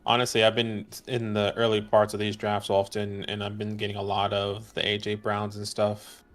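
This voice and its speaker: Low-voiced joking man over music. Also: monotone, moderate pace, a bit bright. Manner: joking, easygoing, teasing. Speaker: co-host of a fantasy football stream. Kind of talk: casual live-stream chat.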